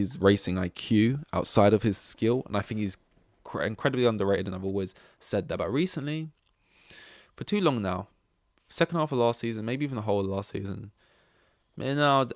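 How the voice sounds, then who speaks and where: A young man with a fairly low voice rattles through casual podcast commentary, excitable and swearing freely. He slips into quoted voices as he goes. The sound is dry and close, with no room around it. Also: no room sound. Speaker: podcast host.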